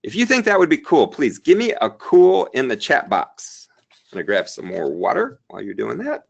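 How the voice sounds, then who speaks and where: A man in his thirties hosting a live sales webinar, upbeat and chatty, talking to the viewers in the chat while he demos software. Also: a little high, sing-song, normal speed, vocal fry, slightly rough, muffled recording. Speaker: webinar host.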